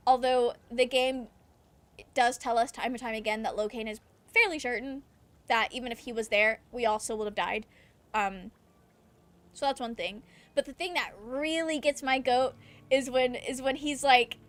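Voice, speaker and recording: A woman's voice: a little high, a little slow, fairly bright tone. A young woman streaming a video game, chatting casually and reading chat aloud, laughing often and ranting with swearing. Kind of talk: casual gameplay commentary.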